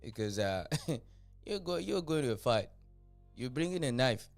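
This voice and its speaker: Animated man reacting with laughter. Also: mid-range voice, unhurried, creaky, soft background music. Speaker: reaction video host. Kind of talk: casual reaction commentary.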